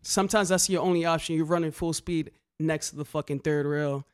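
With a brisk pace and a clean tone, a fairly high-pitched male graffiti writer recounts wild tales in relaxed storytelling. His delivery is lively, full of slang and swearing, and he acts out every quote.

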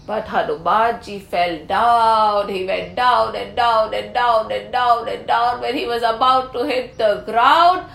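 A woman's voice: on the high side, vocal fry, a bit bright. A woman, animatedly telling a story to children with exclamations and questions.

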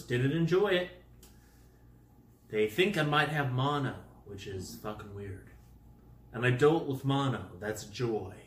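A man's voice: mid-range voice, fairly bright tone, echoey room. A man telling a rambling comic story to camera, with goofy exaggeration and made-up words. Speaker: vlogger.

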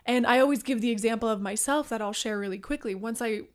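A woman interviewer talking in a measured, reflective way. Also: fairly high pitch. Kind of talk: conversational chat.

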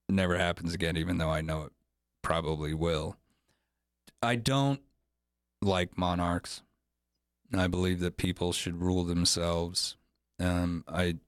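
A man's voice: low-pitched, clear, resonant tone, no room sound, clean studio sound. A man hosting a casual podcast chat, talking in an opinionated, rambling way. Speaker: podcast host.

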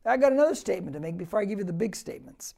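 A man's voice: sits high, animated, rapid-fire, vocal fry. A male pastor preaching a verse-by-verse sermon, emphatic and repeating phrases for stress. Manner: emphatic, with loud rises on key words; reads scripture aloud and repeats phrases for stress.

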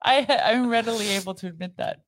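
A woman's voice: a little high, fairly quick, a little hiss or hum. A woman co-hosting a casual chat podcast, teasing her partner and laughing often. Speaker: podcast co-host.

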